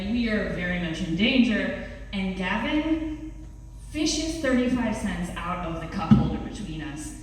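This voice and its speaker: A young woman telling a story live on stage, animated and laughing as she acts out the other people's lines. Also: mid-range voice. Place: small cultural center hall with a small audience. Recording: echoey hall, distant mic, faint hiss.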